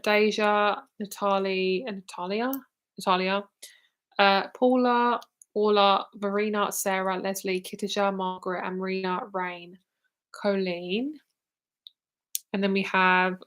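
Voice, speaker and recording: A woman's voice: medium pitch, a bit bright, clear, resonant tone. Chatty, tired woman reading tarot. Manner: chatty, laughing often, blunt. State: tired, yawning. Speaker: tarot reader. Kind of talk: live-stream tarot reading.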